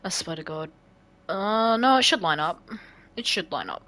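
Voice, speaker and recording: A woman's voice: fairly low pitch, expressive, normal speed, sharp tone. Giggly Australian woman live-streaming. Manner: chatty and giggly, with many "like" fillers. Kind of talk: casual live-stream chat while building a game map.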